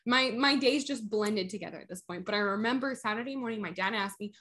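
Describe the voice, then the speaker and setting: A woman's voice: mid-range voice, quick pace, fairly bright tone. A young woman chatting on a podcast, a little tipsy, rambling through a story and laughing often. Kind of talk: casual chat.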